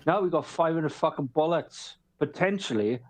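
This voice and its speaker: A man's voice: on the high side, lively intonation, normal speed. A man, a guest trader, explaining ideas through long, profane analogies in casual chat.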